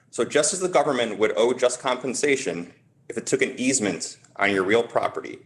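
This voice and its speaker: A man arguing for the petitioner before a high court, measured and emphatic, stressing key words as he builds his case. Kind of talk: formal appellate oral argument.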